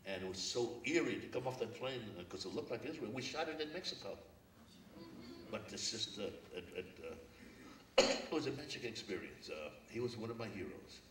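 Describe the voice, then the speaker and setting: An older man from Brooklyn speaks earnestly from a stage, telling stories in a low voice. He sounds far from the mic, and the big hall echoes around him. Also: lively intonation, normal speed, heavy background noise. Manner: reflective, storytelling, earnest. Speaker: guest speaker. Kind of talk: public forum talk. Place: lecture hall.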